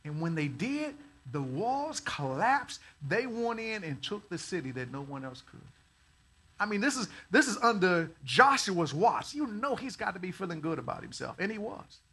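Preacher guy, high bright voice, goes from laid back storytelling to shouting get up. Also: big pitch swings, normal speed, breathy edge. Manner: folksy storytelling that builds to loud exhortation. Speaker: pastor. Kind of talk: sermon.

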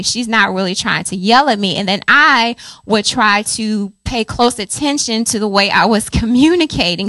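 A woman in her forties tells a personal story from the pulpit with chatty, animated energy. Her voice is bright and fairly high, recorded close and dry with no room sound. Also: no room sound. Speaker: pastor's wife, co-speaker. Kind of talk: personal testimony in a sermon.

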